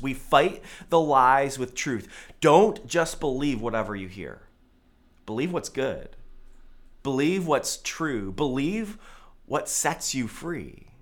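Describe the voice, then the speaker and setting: A male pastor preaching a sermon in a conversational way, with loud emphatic peaks and quiet, low asides.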